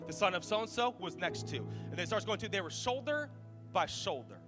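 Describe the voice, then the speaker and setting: Man, pastor, high bright voice, joking sermon, long hall echo, faint music. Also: sing-song, a little fast. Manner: casual, joking, self-deprecating. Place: large church auditorium.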